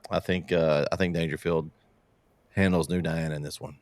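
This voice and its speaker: A man hosting a sports talk show, moving through the games with halting, word-searching speech. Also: very deep voice, level tone, darkish tone, dry recording. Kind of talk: casual sports chat.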